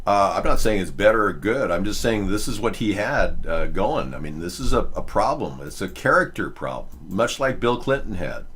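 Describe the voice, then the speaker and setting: A male host with a low voice that swings widely in pitch. He rambles through a casual live-show chat and keeps restarting his sentences with "uh.". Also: animated, normal speed, few pauses, a bit bright, husky. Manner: rambling, full of fillers and restarts.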